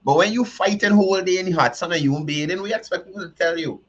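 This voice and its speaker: A man's voice: high voice, fast talker. A man hosting a show, giving emphatic, joking commentary that repeats its points. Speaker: show host. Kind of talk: casual commentary. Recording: dull lo-fi sound.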